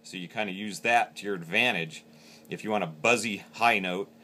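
Man, instructor, low voice, bright forceful tone, step-by-step demo talk. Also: normal speed, a little hiss or hum. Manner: plain, step-by-step explaining. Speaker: game call instructor.

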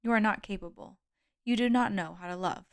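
A woman reading a bitter, wounded woman, low and flat. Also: fairly quick, dry recording, clean studio sound, natural voice. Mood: hurt, contemptuous.

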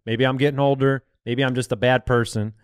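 A man's voice: mid-range voice, steady tone, clear, resonant tone, no room sound, clean studio sound. A man hosting a comedy podcast, teasing his co-hosts in casual banter. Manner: teasing, quick to laugh. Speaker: podcast host.

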